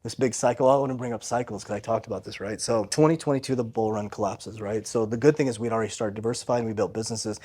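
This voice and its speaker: A man's voice: lowish voice, fairly even intonation, quick pace, hardly any pauses, mellow, breathy edge. A man in his forties, a guest on a podcast, telling a personal story in an earnest, candid way and often ending lines with "right?". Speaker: podcast guest, financial coach.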